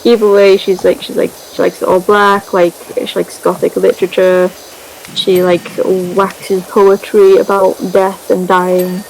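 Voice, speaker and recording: A woman chatting casually as she recaps a story over gameplay, rambling and full of fillers and little giggles. Her voice sits at a medium pitch for a woman. A faint hiss runs underneath. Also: level tone, unhurried, vocal fry, low-quality recording. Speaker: gaming video creator.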